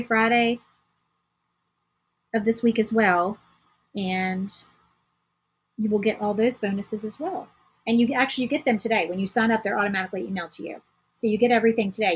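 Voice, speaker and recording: A woman hosts a casual crafting livestream, chatting to viewers as she paints. Her voice is mid-range and very husky, and the recording is rough.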